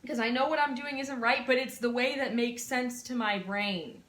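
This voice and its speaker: A woman's voice: fairly high pitch, normal speed, fairly bright tone. A woman chatting through a casual cooking vlog in her home kitchen, rambling and poking fun at herself as she gets flustered. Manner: rambling, self-deprecating, flustered. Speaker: vlogger cooking on camera. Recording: echoey room with clear background noise.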